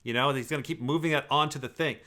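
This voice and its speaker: A man's voice: mid-range voice, fast. A man giving casual, profane, rambling commentary, breaking down clips to analyze personality type. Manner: profane, rambling, animated with restarts.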